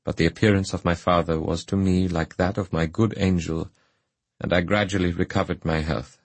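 Male audiobook narrator, solemn first-person reading, low-pitched, slightly husky, dry close sound. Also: steady tone, moderate pace, no echo.

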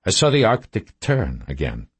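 A man reading a first-person story aloud in a terse, measured, low-key way. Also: wildly swooping pitch, breathy edge, no room sound. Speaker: audiobook narrator. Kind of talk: scripted first-person narration.

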